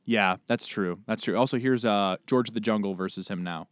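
A man co-hosting a podcast in casual chat, animated and joking, with quick asides. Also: on the low side, clear, resonant tone, dry recording, clean studio sound. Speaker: podcast co-host.

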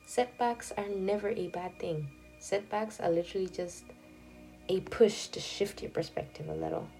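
A woman's voice: medium pitch, normal speed, creaky, dark tone. A young woman hosting her own podcast, talking candidly and chattily in a confessional, casual way. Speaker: podcast host. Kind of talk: casual solo podcast talk. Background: faint background music.

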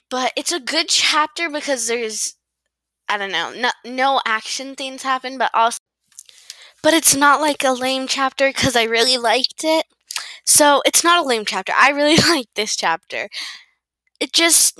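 Bright, rambling woman reviewing a book. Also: fairly high pitch, dry recording, low-quality recording. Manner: rambling, self-correcting, giggly. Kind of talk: casual book review chat.

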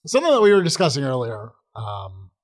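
Young man, podcast co-host, rambling, lots of fillers, very animated pitch. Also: a little fast. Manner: rambling, hesitant, filler-heavy, laughing. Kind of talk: casual chat.

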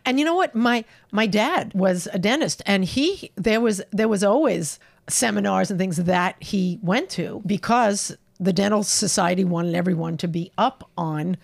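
Middle-aged woman, light new york accent, chatty podcast cohost, bit of vocal fry. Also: medium pitch, no room sound. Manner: chatty, quick asides, playful teasing. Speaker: podcast co-host. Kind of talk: casual business podcast chat.

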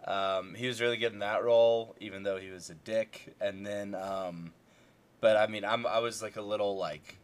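A man's voice: fairly low pitch, fairly even intonation, normal speed. Rambling young man in casual chat. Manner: rambling, many fillers and restarts.

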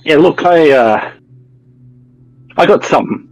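A man's voice: on the high side, expressive, unhurried, poor audio. Stammering slangy man. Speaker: player. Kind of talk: tabletop role-play in character.

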